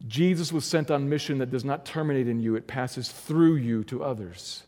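A man preaching a sermon, earnest and emphatic, moving between loud urging passages and quiet, low ones. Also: moderate pace. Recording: long hall reverb.

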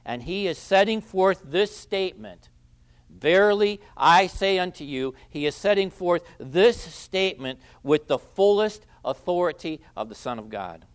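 A man preaching an expository sermon, who stresses key phrases loudly, repeats them and lets his phrase endings drop quiet. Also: high-pitched, lively intonation, moderate pace, few pauses. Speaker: pastor.

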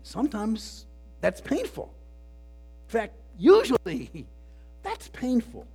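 Husky-voiced preacher, high and earnest. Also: male voice, huge pitch swings, takes it slowly, mellow. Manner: earnest, repeats words while building points. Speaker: pastor. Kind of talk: sermon.

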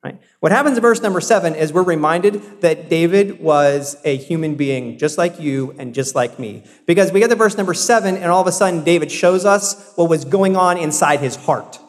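A man's voice: on the high side, moderate pace, hardly any pauses. A man from South Carolina preaching a sermon as a pastor, earnest and conversational, full of rhetorical questions and restarts. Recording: long hall reverb.

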